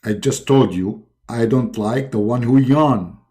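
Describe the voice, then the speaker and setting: A man voicing a grave, deep-voiced divine figure who speaks slowly and solemnly, drawing out his words. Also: mellow, lightly acted. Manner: slow, drawn-out, mock-solemn, droning.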